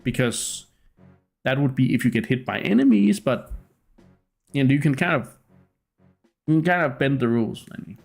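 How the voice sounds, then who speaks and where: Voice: mid-range voice, lively intonation, normal speed, gravelly, pauses often, faint music behind. A streamer chatting casually while playing a game, laid-back and giggly, rambling through thoughts. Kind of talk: casual let's-play commentary.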